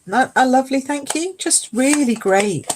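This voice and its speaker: A woman hosting a live card-making demonstration, chatty and explaining each step as she goes, with a croaky voice. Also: sits high, lively intonation, normal speed, noisy background.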